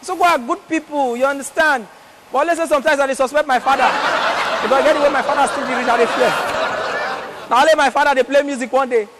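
High-voiced Nigerian stand-up comedian. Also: male voice, steady tone, quick pace. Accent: Nigerian Pidgin. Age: young adult. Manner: chatty, teasing, storytelling. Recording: loud live crowd and noisy venue.

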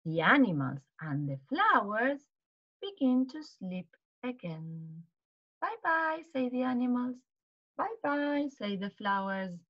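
A woman teaching to children, retelling a storybook in an animated way, with gasps and questions to the kids. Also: mid-range voice, measured pace, dull audio.

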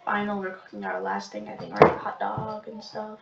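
A woman giving casual, rushed commentary on her own gameplay, talking to herself and shouting sudden orders at the game. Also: medium pitch, creaky, very noisy. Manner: rushed, excitable self-talk, muttering orders, sudden shouts. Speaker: gamer commenting on own play. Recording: roomy, dull, distant mic with keyboard clicks. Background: keyboard typing and mouse clicking.

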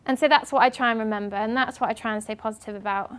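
A young woman from England giving a lively talk to students at a university as a guest speaker, acting out what other people said as she tells her stories. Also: a little high, rapid-fire, clear, resonant tone. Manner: animated storytelling, acting out others' lines. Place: university lecture room.

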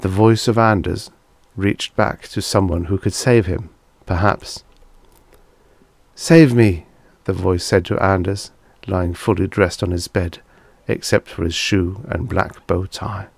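A man narrating a vintage science fiction audiobook in a measured, deliberate reading. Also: deep voice, fairly even intonation, gravelly, breathy edge, dry recording. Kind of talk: scripted narration.

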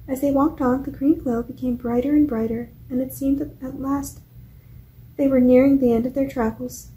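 A woman with a mellow, slightly high voice reads a children's chapter book aloud for a library storytime. Her delivery is steady and clear, paced for young listeners. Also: moderate pace, low-quality recording. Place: public library.

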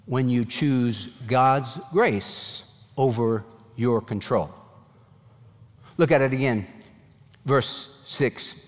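A man's voice: medium pitch, long reverb tail. A man preaching a sermon as pastor, earnest and emphatic, raising his voice in pleading questions.

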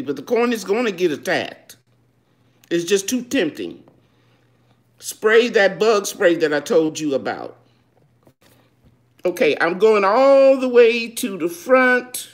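A woman hosting a live gardening chat. She reads viewers' questions aloud and answers them in a homey, loose way, calling people baby. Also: mid-range voice. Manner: loose, with fillers and restarts. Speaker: gardening show host.

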